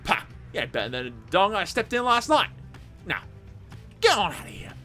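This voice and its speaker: A man voicing a gruff, rowdy male sky pirate, loud and jeering. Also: high-pitched, huge pitch swings, normal speed, soft background music, pitched above the performer's own voice, full character voice. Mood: taunting.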